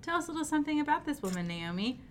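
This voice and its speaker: A woman's voice: high voice, very animated, racing, a little hiss or hum. A woman co-hosting a podcast, chatting loosely over wine and laughing often. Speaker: podcast co-host. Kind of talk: casual chat over wine.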